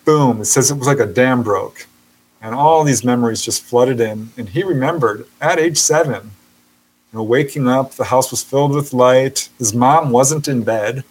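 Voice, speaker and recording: A man who is a podcast guest, telling a story with lively narration that acts out the people in it and laughing often. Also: mid-range voice, rough recording. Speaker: guest, author on UFO encounters. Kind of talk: animated storytelling in a podcast interview.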